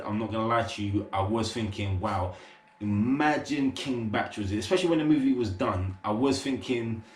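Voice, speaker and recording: A young man rambles through a casual movie review, full of fillers and slang. His voice sits on the lower side. The room gives the sound a noticeable echo. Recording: roomy echo.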